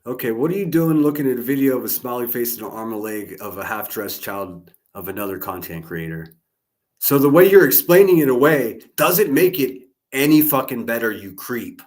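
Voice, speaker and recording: A man's voice: mid-range voice, animated, moderate pace. A man commenting live on a clip for his stream, talking with his chat in a heated, sarcastic, profane way.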